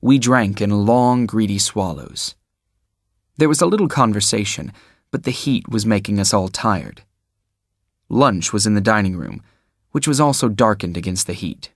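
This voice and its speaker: Male audiobook narrator, lowish voice, steady measured reading, dry close sound. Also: no echo. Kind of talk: scripted narration.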